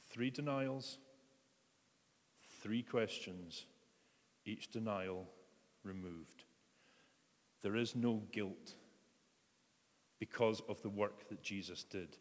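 A man's voice: on the low side, slow pace, pauses often. A man preaching a reflective sermon, retelling a story and inviting his listeners to picture it. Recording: echoey hall reverb.

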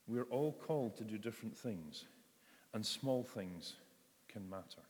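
A man preaches in a conversational way and acts out voices in quotes. His voice sits a little low, and it rings with the long reverb of a large church hall. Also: animated, measured pace. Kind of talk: sermon.

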